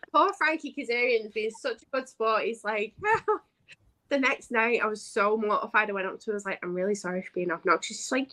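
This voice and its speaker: Woman guest, crisp bright voice, laughs at herself as she tells a story. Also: mid-range voice, a little fast. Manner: self-deprecating, animated storyteller. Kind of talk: casual storytelling.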